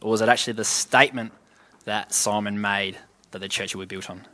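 A man's voice: lowish voice, fairly even intonation, a little fast, sharp tone. A man giving an informal Bible teaching, reading scripture passages aloud and then explaining them in an easygoing, conversational way, with questions to his listeners.

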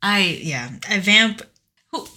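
A woman co-hosting a casual podcast, retelling a story in an animated way with lots of fillers. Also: medium pitch, takes it slowly. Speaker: podcast co-host. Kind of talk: casual chat.

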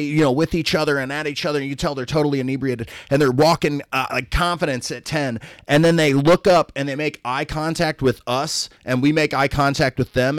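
A man's voice: mid-range voice, no room sound, clean studio sound. A man telling a long casual story as a guest, acting out the voices of people in it. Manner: animated, acts out voices of people in his stories.

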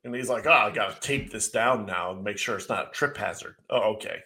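A middle-aged man co-hosting a casual chat, telling an animated, sarcastic story with mocking asides. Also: on the low side, fairly quick, slight background noise. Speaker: podcast co-host.

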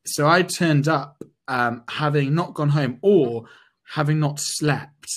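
A man's voice: a little high, slow pace. A young man co-hosting a podcast, telling an anecdote in a loose, chatty way with lots of fillers. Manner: animated anecdote telling with many fillers and restarts. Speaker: podcast co-host. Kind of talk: casual storytelling chat.

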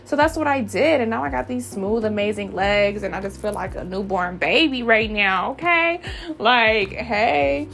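A young woman vlogging in a casual, expressive and slangy way, laughing often as she talks. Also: fairly high pitch, a little slow, gravelly, a little hiss or hum. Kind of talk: casual chat.

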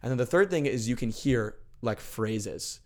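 A man with a mid-range voice talks at a moderate pace, sharing prayer stories in an earnest, easygoing exchange. Excitement makes him animated, and he frequently begins sentences again.

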